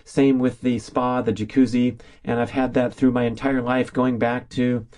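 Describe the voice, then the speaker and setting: On his solo podcast, this middle-aged man from California talks in an upbeat, chatty, enthusiastic manner. His voice is mid-range and a little mellow, with a flat delivery at a moderate pace.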